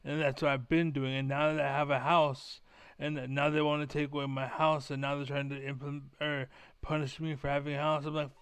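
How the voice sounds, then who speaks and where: A man's voice: on the high side, flat delivery, fairly quick, a bit bright, clear, resonant tone, dry recording. A young man ranting profanely to camera as a gaming vlogger, repeating himself as he vents. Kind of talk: angry rant to camera.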